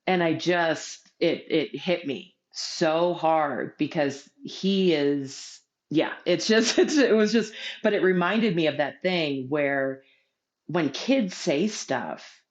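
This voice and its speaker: A woman's voice: low-pitched, slow. A middle-aged woman sharing a personal memory in a casual conversation, earnest and reflective. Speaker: podcast guest. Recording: dull lo-fi audio.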